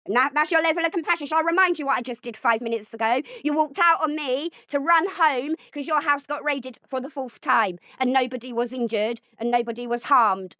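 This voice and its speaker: A woman's voice: high-pitched, fairly bright tone, no room sound, lo-fi sound. A woman arguing angrily at home, accusatory and sarcastic. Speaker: vlogger. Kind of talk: heated domestic argument.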